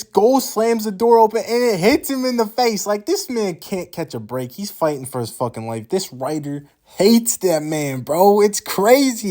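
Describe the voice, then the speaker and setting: A young man hosting a manga recap channel, telling the story in excited, slang-filled casual commentary. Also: fairly high pitch. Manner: excitable and slangy, often trailing off quietly.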